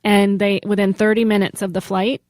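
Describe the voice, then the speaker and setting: A woman's voice: mid-range voice, flat delivery, moderate pace, darkish tone, dry recording, studio quality. A woman co-hosting a comedy podcast, reading odd news stories and teasing the others. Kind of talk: casual comedic chat.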